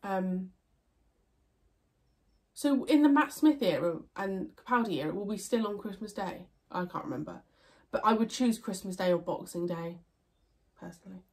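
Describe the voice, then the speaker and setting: A woman's voice: medium pitch, expressive, normal speed, darkish tone. A young woman with a stuffy, nasal voice, chatting casually and answering viewer questions in a rambling way, with many fillers and restarts. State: congested, nasal. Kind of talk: casual Q&A chat.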